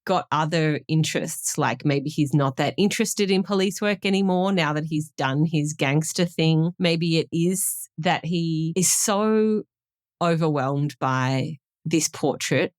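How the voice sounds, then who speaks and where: Woman, 30s, deep-pitched, thoughtful, laughs a lot, dry studio mic. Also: a little slow, no room sound. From Australia. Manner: thoughtful, laughs often, trails off mid-thought. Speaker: guest film historian. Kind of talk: casual podcast discussion.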